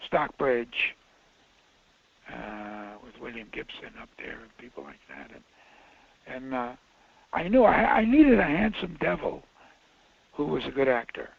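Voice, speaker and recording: A man's voice: mid-range voice, very animated, unhurried, gravelly, long pauses, husky, no echo. An older man, a film director and guest, telling rambling anecdotes with restarts and emphatic bursts. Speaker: filmmaker guest. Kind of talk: casual anecdote. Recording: lo-fi audio.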